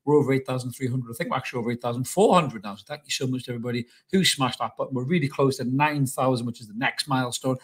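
A man's voice: mid-range voice, very fast, hardly any pauses, breathy edge. A man hosting a casual football match preview, blunt and opinionated. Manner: blunt, opinionated, swears about rivals. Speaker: football channel host.

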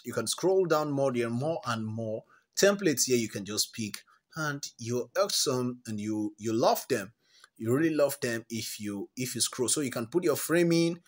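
A man's voice: mid-range voice, fairly bright tone. A man hosting a screen-recorded app tutorial, chatty and encouraging, often repeating words as he walks through each step. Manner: encouraging, gives life advice. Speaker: tutorial host.

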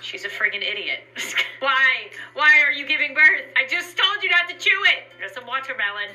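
A woman's voice: high-pitched, animated, normal speed, sharp tone, soft background music, poor audio. A woman giving goofy, chatty commentary while playing a pretend doctor game, laughing often. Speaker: gaming YouTuber.

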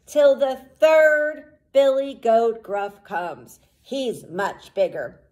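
A woman's voice: on the high side, sing-song, exaggerated voice. A woman doing a nervous middle billy goat. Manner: bright, fairly quick, not so small.

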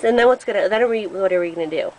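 A woman's voice: mid-range voice, very fast, very noisy. Playful woman chatting with a toddler. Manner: playful, exaggerated reactions. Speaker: parent filming a toddler. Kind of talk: home video chat with a small child.

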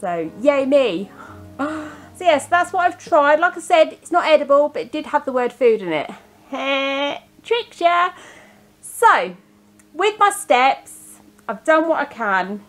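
A woman's voice: sits high, fairly bright tone, poor audio. A woman in her forties chatting casually to camera as a vlogger, giggly and self-mocking. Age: 40s.

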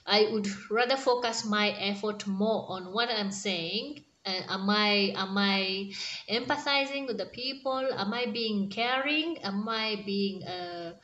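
A woman's voice: medium pitch, unhurried, a bit bright, muffled recording. Earnest Kenyan woman in an echoey room. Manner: earnest, encouraging, with frequent fillers and restarts. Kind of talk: casual talk to camera. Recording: roomy echo.

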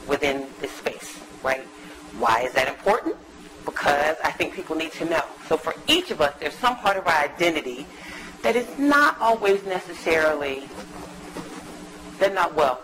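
A woman academic giving a lively, chatty talk to a live audience in a university lecture room, teasing the listeners as she goes. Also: lowish voice, a little hiss or hum, low-quality recording. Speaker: guest lecturer, academic psychologist.

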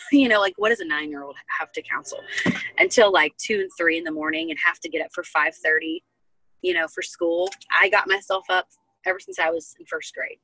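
A woman's voice: on the low side, a little fast, bright, forceful tone, slight background noise, rough recording. A young woman talking as a guest, telling her personal testimony in an earnest, heartfelt way. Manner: earnest, heartfelt storytelling with many fillers. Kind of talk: personal testimony in casual chat.

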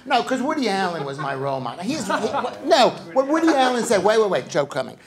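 Middle-aged New York comic, high and swooping voice, rambling deadpan bits on a club stage, loud crowd laughs. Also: male voice, quick pace. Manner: rambling, deadpan, repeats his lines. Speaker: stand-up comedian. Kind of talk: live stand-up routine. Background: audience laughter.

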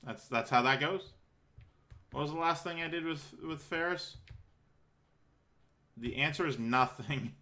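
Young male let's-player, casual commentary, jokes and swears, bright voice. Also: fairly high pitch, measured pace, long pauses. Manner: joking, swears, laughs at the script. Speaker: let's-play streamer. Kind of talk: casual commentary while reading a visual novel.

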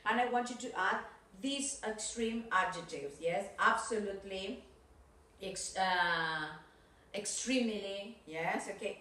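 A woman teaching an English class on video, slowly and deliberately, checking in often with "yes? okay?". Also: medium pitch, pushed and bright, distant mic. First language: Spanish. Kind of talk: recorded video lesson. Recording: roomy echo, voice from off the mic.

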